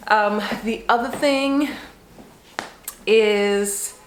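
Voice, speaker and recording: A woman's voice: mid-range voice, very slow, slight background noise. A woman vlogger and mother with a congested nose, chatting casually and rambling with lots of fillers. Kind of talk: casual chat to camera. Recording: roomy echo.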